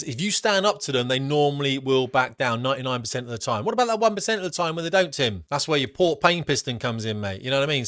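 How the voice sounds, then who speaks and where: A man's voice: on the high side, fairly bright tone, dry recording, clean studio sound. A middle-aged man from Britain giving blunt, emphatic, slangy commentary as a vlogger. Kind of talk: opinionated commentary.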